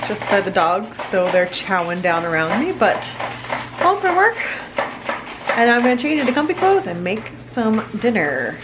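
A woman's voice: mid-range voice, very animated, moderate pace, hardly any pauses, background noise. A young woman casually vlogging in her home kitchen, chatty and upbeat, with bad jokes, on a handheld camera.

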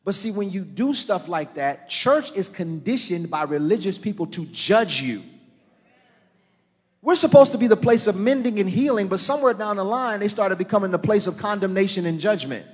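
Man, pastor, sermon, high voice, rises from hushed to shouting, talks to the congregation, long church hall reverb. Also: expressive, moderate pace, breathy edge. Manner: impassioned preaching that swings from hushed to shouting; calls on the congregation directly.

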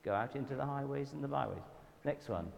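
A man with a Southern English accent giving a church talk, telling anecdotes in a lively, self-deprecating way. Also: mid-range voice, a little fast, vocal fry, highs cut off. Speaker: guest speaker at a church event. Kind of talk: storytelling sermon talk. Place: church hall. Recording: reverberant hall with faint background noise.

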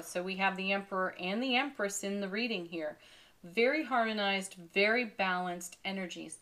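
A woman reading tarot cards in an upbeat, effusive way, breaking into gentle laughs as she goes. Her voice sits at an ordinary middle pitch. She closes her thoughts with soothing spiritual affirmations. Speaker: tarot reader. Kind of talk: daily tarot card reading.

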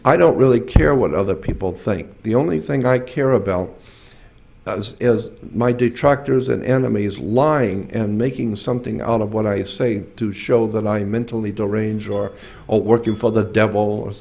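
A man's voice: lowish voice, normal speed, vocal fry, darkish tone. A man of sixty-seven giving an earnest, emphatic talk at a symposium, telling personal stories with repeated phrases. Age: 60s. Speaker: symposium speaker.

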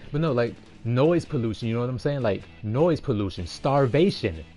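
A man's voice: medium pitch, expressive, normal speed, warm tone, soft background music. A man in his forties streaming a golf game, rambling and swearing heavily with frustrated outbursts. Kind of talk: casual chat while playing.

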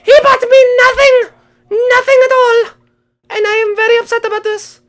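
A melodramatic young black cat boy with a vengeful streak, played by a woman. The voice sits extremely high and bursts into shrieks before dropping to low mutters of revenge, in a playful game role-play. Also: normal speed, fairly bright tone. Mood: aggrieved.

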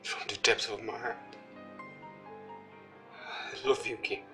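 A man's voice: fairly low pitch, steady tone, sharp tone, faint music behind, exaggerated voice. An actor playing a lovesick man declaring love, in a Nigerian accent. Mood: tender. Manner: slow, tender declarations.

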